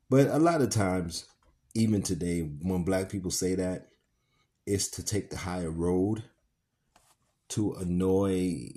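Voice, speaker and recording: A man reads a novel aloud and stops to add his own thoughts. His low, dark voice moves at a slow, unhurried pace. He stumbles now and then with fillers and corrects himself. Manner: pauses, fillers and self-corrections. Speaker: podcast reader and commentator. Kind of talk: reading aloud with commentary.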